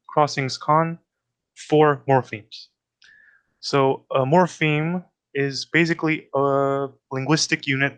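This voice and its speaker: Guy presenting a laid-back linguistics talk, clean smooth voice, mid pitch, explains with examples and restarts a lot. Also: fairly bright tone. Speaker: fieldwork workshop presenter. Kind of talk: informal spoken lecture.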